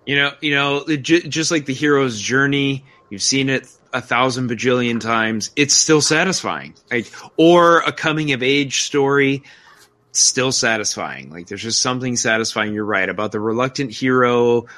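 Enthusiastic man with a bright voice. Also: medium pitch. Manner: enthusiastic, quick asides, slips into quoted voices. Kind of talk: casual film review chat.

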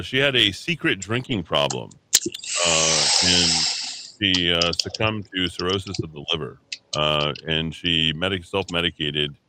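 A man's voice: low-pitched, noisy background. A man hosting a talk radio show from a station studio, rambling opinionated monologue full of hesitations and restarts.

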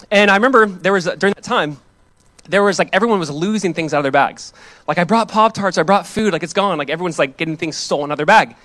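A young man preaching a sermon as pastor, telling a personal story in an animated, conversational way. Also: fairly high pitch, dry recording. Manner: animated storytelling, voices others in quotes.

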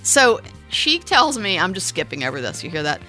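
A woman's voice: on the low side, big pitch swings, normal speed, bright, forceful tone, soft background music. A woman co-hosting a podcast, telling a story in a chatty way, trailing off and restarting as she goes. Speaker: podcast co-host. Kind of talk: casual chat.

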